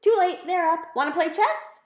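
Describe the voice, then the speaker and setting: A woman voicing an excitable little girl who gushes with eagerness. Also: on the low side, slow, full character voice. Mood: excited. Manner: bubbly, excitable. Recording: roomy echo.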